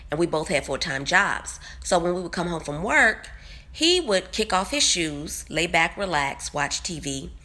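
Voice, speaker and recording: A woman's voice: on the low side, sharp tone. A woman recounting her marriage to the camera with a wry, complaining manner. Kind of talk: casual storytelling to camera.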